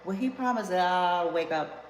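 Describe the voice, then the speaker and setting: A woman's voice: fairly low pitch, animated, moderate pace. A woman giving a casual tarot reading, talking bluntly and emphatically and swearing freely. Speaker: tarot reader. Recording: echoey room with background noise.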